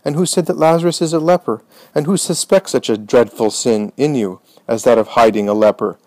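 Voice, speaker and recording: A man's voice: mid-range voice, brisk, a little mellow, no room sound, natural voice. A man voicing a self-righteous male scribe who lectures in a pompous tone. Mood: stern.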